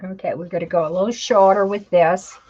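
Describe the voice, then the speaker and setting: This woman's medium-pitched voice is a little mellow, fairly even in intonation, and a little fast. She hosts a casual craft demo, chatting, talking to herself as she works and saying "y'all." The recording is dull lo-fi home video audio with slight background noise.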